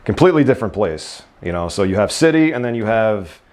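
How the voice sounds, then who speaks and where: A man's voice: lowish voice, sing-song, fast talker, darkish tone. A man in his thirties from Staten Island with a New York accent, chatting easily as an interview guest with frequent fillers and restarts. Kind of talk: casual interview chat.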